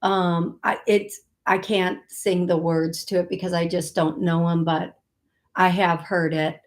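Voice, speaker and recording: A woman hosting a live psychic reading, speaking in a halting way, repeating words and thinking aloud, soft-spoken and emotional. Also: lowish voice, flat delivery. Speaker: psychic medium host.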